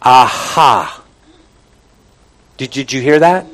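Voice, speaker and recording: A man preaching a sermon, emphatic and repetitive, often dropping to a low, quiet voice and calling out questions to the congregation. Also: animated, takes it slowly, rough recording.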